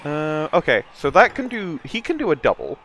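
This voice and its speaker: A man's voice: fairly high pitch, big pitch swings, moderate pace, noisy background. A man chatting casually while playing a tabletop sports game with friends, talking through his own moves in a playful way.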